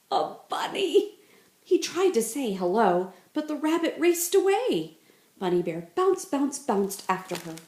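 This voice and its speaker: A woman teacher reading a picture book aloud in a slow, expressive storytelling voice. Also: mid-range voice. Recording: roomy echo.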